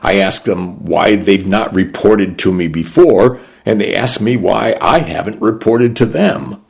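A man narrating a story in the first person, in a measured, unhurried and somber way. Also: lowish voice, vocal fry.

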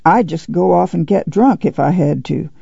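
A plain-spoken farm father speaks in curt rural dialect, read by a man in close to his own voice. The tone is gravelly and dark. The audio is dull and dry. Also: fairly high pitch, normal speed, no echo, full character voice. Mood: gruff.

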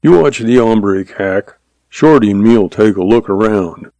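Gruff frontier sheriff, read by a man, drawl, low and dry. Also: measured pace, mellow, no echo. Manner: gruff, muttering. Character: gruff small-town Western sheriff.

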